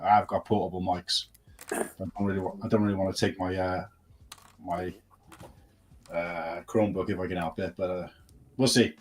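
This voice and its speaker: A man's voice: sits low, flat delivery, normal speed, long pauses, slight background noise. Rambling man, casual chat. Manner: rambling, full of restarts and fillers. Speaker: co-host. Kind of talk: casual live-stream chat.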